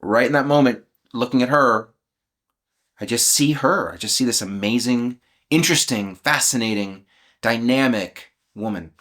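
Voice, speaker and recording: A man's voice: medium pitch, moderate pace. A man in his fifties speaking candidly and emotionally, questioning his own beliefs aloud in a reflective self-inquiry. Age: 50s. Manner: candid and vulnerable, with soft laughs. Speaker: channel host.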